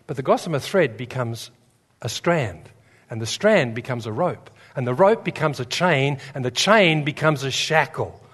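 A man's voice: medium pitch, expressive, moderate pace, a bit bright, breathy edge. A man preaching a sermon in a church, telling stories with humor and building to fervent emphasis. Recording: long reverb in a large hall.

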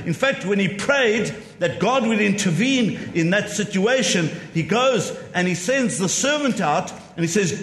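A man's voice: high voice, fairly bright tone. Guy preaching, voice bouncing up and down, punchy, roomy echo. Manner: emphatic, repeats key lines, asks rhetorical questions. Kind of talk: sermon. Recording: echoey hall with long reverb.

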